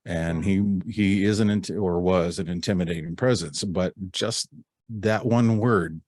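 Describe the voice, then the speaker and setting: Deep-voiced man telling backstage stories. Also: a little slow, no echo, studio quality. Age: middle-aged. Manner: rambling, with restarts and warm laughs. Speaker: guest actor and narrator. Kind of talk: casual interview storytelling.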